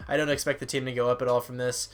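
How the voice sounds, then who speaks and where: Over faint music, a tired young man who makes gaming videos on YouTube talks fast in a flat, medium-pitched voice. He rambles casually about a football video game, reading out stats with self-deprecating asides as his voice occasionally cracks.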